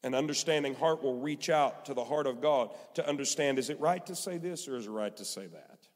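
A man's voice: medium pitch, a little fast. Emphatic male pastor in a ringing hall. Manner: emphatic, repetitive preaching. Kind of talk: sermon. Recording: long hall reverb.

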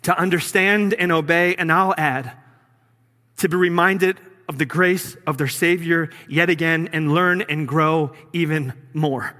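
A man preaching a sermon as pastor, earnest, sometimes dropping low and quiet for emphasis. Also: unhurried, in a large hall.

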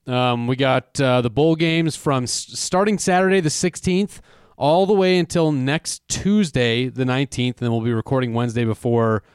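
A man hosts a casual sports chat in a smooth, clear voice. He drops in short, dry, teasing remarks. The sound is close and dry. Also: mid-range voice, normal speed, no room sound. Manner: brief wry interjections, dry teasing. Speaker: podcast host.

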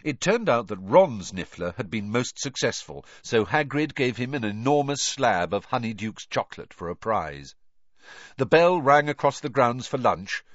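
A man narrating a storybook in a measured, expressive way. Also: medium pitch, dry recording, highs cut off. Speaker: audiobook narrator.

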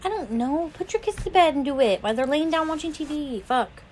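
A woman's voice: high-pitched, animated, brisk, a little mellow, slight background noise. A woman co-hosting a casual podcast, talking bluntly and dismissively, with lots of swearing. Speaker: podcast co-host. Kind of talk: casual chat.

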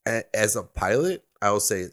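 An American man with a very low, deep voice co-hosting a casual podcast. He rambles in an easygoing way, trailing into fillers and restarting his sentences as he works toward his point. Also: expressive, moderate pace, fairly bright tone. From United States. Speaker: podcast co-host.

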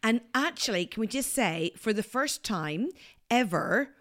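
A woman with a Northern Irish accent hosting a faith podcast in casual chat, lively and playful as she teaches. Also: a little high, unhurried. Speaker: podcast host. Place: home office at a table. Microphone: studio microphone.

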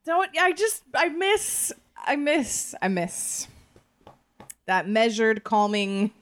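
Podcast co-host, woman, slow, heartfelt, a little high. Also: big pitch swings. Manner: earnest, emotional, slow and halting. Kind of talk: casual chat.

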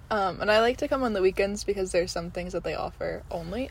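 A woman's voice: medium pitch, fast talker, creaky, few pauses, slightly rough, low-quality recording. Rambling young woman reviewing food. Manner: chatty, rambling, giggly with many ums. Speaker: vlogger. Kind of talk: casual mukbang food review.

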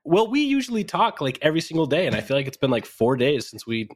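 Lively-pitched man in casual banter. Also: fast. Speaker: podcast co-host. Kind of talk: casual chat.

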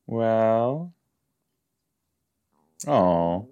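Man, low voice, slow unhurried talk, casual reaction chat, easily amused. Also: expressive. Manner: chatty, easily amused, lots of gasps and laughs. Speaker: podcast host reacting to an episode.

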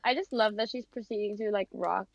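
A woman's voice: medium pitch, fairly quick, gravelly. A young woman co-hosting a casual podcast, gushing and joking about herself. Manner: animated, gushing, self-deprecating jokes. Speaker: podcast co-host. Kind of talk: casual chat. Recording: dull lo-fi recording.

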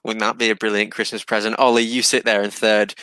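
A man's voice: lowish voice, flat delivery, fast talker, bright, forceful tone, a little hiss or hum. A man hosting a casual fantasy football podcast, chatty and teasing. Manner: chatty, teasing, frequent fillers. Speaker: podcast host.

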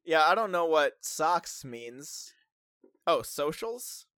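A young man trading jokes on a casual podcast, teasing and giggling as he goes. His voice is bright and springy, jumping around in pitch. The sound is close and dry, with no room echo. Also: very animated, takes it slowly. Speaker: podcast co-host. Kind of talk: casual banter.

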